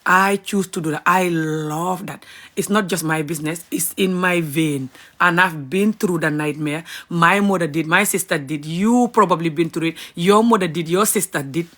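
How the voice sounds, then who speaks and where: A woman's voice: fairly low pitch, normal speed. Ranting woman on social video. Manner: forceful, repetitive, emphatic. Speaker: motivational speaker and comedian. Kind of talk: impassioned social media rant.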